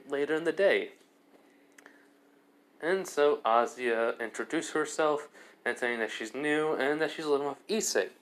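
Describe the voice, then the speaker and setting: A man casually retelling a fan-made story in a rambling way, heavy on fillers. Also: fairly high pitch.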